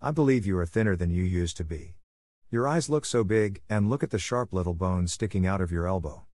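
A man's voice: low voice, a little fast, a little mellow, dry recording, clean studio sound, close to an everyday voice. A man voicing a timid, admiring schoolgirl who falters when startled, in an audiobook.

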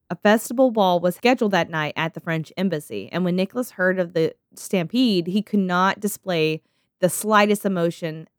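A woman's voice: lowish voice, no echo, studio quality. A woman podcast host reading out a history story, breaking in with laughing, profane asides.

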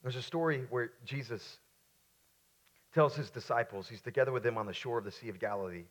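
Brisk and mid-range in pitch, a man preaches as a pastor, hammering key lines through repetition. During a story he drops into quieter, casual side remarks, staying emphatic otherwise.

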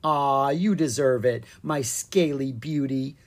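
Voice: mid-range voice, slow pace. Daryl, a reader doing a doting father dragon.

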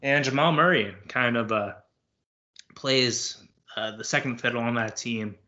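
A man's voice: medium pitch, bright, forceful tone, slight background noise. A young man hosting a sports podcast, chatting casually and rambling with lots of fillers. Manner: loose and rambling, many fillers. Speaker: podcast host. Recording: dull lo-fi podcast audio.

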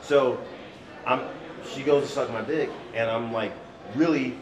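Male podcast co-host, animated laughing storyteller; off mic in an echoey space with a crowd behind. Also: medium pitch, measured pace, recorded from a distance. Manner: animated, laughing storyteller acting out quoted dialogue. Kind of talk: casual storytelling chat.

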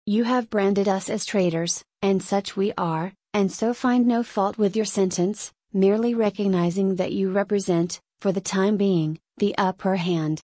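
A woman's voice: mid-range voice, steady tone, measured pace, few pauses, dark tone, no room sound, clean studio sound, lightly acted. A woman reading the lines of a defiant nobleman, careless and scornful in manner, in a storybook. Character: defiant nonchalant male nobleman.

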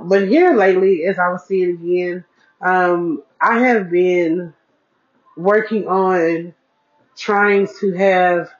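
A woman hosting a casual solo podcast, chatting to her listeners, repeating phrases for emphasis and calling them y'all. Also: on the low side. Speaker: podcast host, single mom. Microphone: podcast mic. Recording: dull lo-fi recording.

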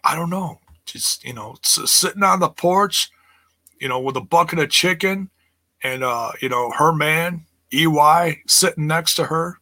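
Amused rambling man, bright voice. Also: fairly high pitch, unhurried, no room sound. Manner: rambling, amused, laughs often, restarts. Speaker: wrestling review host. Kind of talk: casual recap commentary reading live chat.

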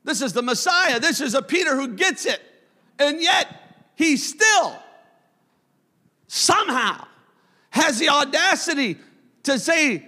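A man preaching a sermon as pastor, with impassioned delivery that swells into shouts. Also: very high voice, big pitch swings, slow, pauses often. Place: church sanctuary. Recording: long church hall reverb.

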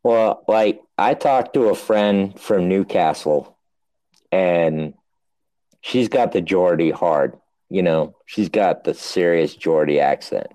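A man's voice: low voice, takes it slowly, warm tone. An American man co-hosting a podcast, self-mocking and swearing, just woken up. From United States. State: just woke up. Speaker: podcast co-host. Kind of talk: casual banter.

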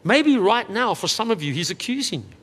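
A male pastor preaching a sermon in an earnest, conversational way, with quick asides. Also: sits high, big pitch swings, a bit bright, big-room sound.

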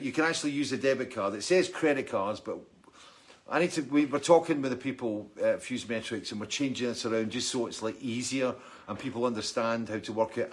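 A middle-aged musician with a mid-range voice hosts a casual weekly livestream, reading out viewer comments. He rambles and chats, often restarting sentences and laughing.

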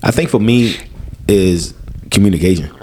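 A man's voice: deep voice, normal speed, mellow, slight background noise. A man co-hosting a podcast in casual chat, swearing freely and acting out other people's lines in mocking voices. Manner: swears freely and laughs often. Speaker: podcast co-host.

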